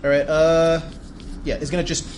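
Man running a tabletop game, slightly high voice, casual, faint hiss behind. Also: little pitch movement, normal speed. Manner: casual, rolling and counting dice aloud. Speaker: game master.

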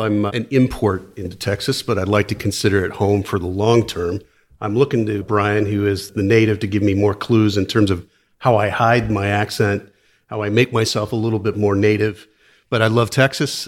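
Guy introducing himself on a podcast, lowish voice, easygoing and friendly. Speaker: guest, account partner. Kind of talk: casual podcast chat.

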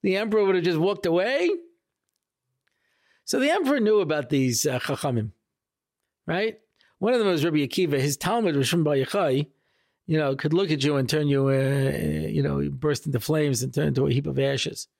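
A man's voice: moderate pace, vocal fry, no echo, clean studio sound. A man, a rabbi, telling a weekly Torah talk in a casual, jokey storytelling way and acting out the quotes. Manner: animated, jokey, acts out quotes with big pitch jumps.

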